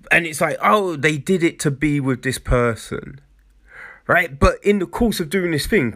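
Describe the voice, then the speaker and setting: A man's voice: a little high, fairly bright tone. A man reviewing a TV show in a casual rant, exasperated and profane, often repeating himself for emphasis.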